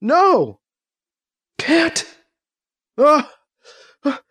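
Nervous young astronaut, read by a man, hesitant, high-pitched. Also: huge pitch swings, measured pace, slightly rough, dry recording, studio quality, exaggerated voice. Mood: panicked. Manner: hesitant, increasingly panicked. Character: young man in a spacesuit, uneasy.

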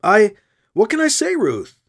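A narrator voicing a defensive man of power who tries to sound calm. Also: high voice, a little slow, pitched above the performer's own voice, heavily acted. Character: defensive powerful middle-aged male leader.

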